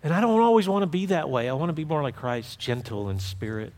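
A man preaching a sermon as a pastor, talking to the congregation in a conversational way that swings between forceful emphasis and quiet asides. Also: a little high, lively intonation, fast talker. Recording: long hall reverb.

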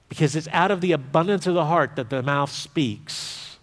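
A man with a high voice preaches a sermon to his congregation. He moves from forceful, emphatic lines to quiet, confiding asides in a conversational tone. His voice rings out with a long reverb, as though from a church sanctuary. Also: normal speed, hardly any pauses. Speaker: pastor.

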